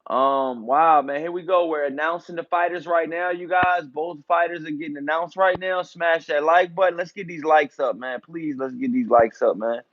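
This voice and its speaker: Male streamer, high voice, casual hyped fight-night commentary, dull home mic. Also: moderate pace, few pauses. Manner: loose, hyped, repeats catchphrases and fillers like man and y'all. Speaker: boxing commentator and channel host.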